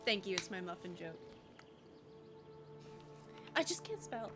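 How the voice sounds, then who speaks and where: A woman's voice: medium pitch, big pitch swings, unhurried, over music. A young woman with a Southern US accent, chatting casually and bubbly while streaming a game, laughing easily. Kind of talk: casual livestream chat while gaming.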